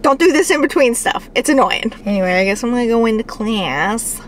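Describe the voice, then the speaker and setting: A woman's voice: on the high side, lively intonation, a little fast. A woman vlogger talking casually to the camera in a chatty, rambling way. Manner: chatty and rambling, with frequent "like" fillers. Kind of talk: casual vlog chat to camera.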